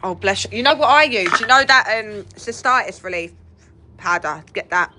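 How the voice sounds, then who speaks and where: A woman's voice: medium pitch, animated, normal speed, background noise. A woman chatting casually with viewers on a livestream. She laughs often and swears casually. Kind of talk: casual chat with live viewers.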